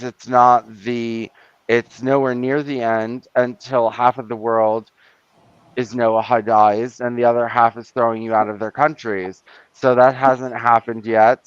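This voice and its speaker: A man's voice: medium pitch, clear, resonant tone, no echo, muffled recording. A man with a New York accent hosting a casual stream, talking bluntly and pushing back hard. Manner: blunt, argumentative, quick to push back. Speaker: host of a live stream. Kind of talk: casual chat.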